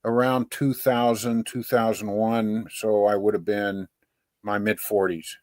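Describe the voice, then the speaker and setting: A man in his sixties co-hosting a podcast in casual chat, lively and a little hammy, teasing his co-host. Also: on the low side, unhurried, no room sound, clean studio sound. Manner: lively, self-described ham, teasing.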